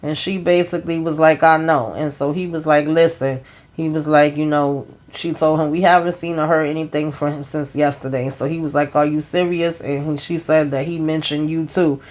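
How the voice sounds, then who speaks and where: A woman's voice: low voice, steady tone, moderate pace, a little mellow. Woman host, conversational recap vlog, retells scenes as dialogue, colloquial and exclamatory. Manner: colloquial, frequent fillers. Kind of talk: casual episode recap.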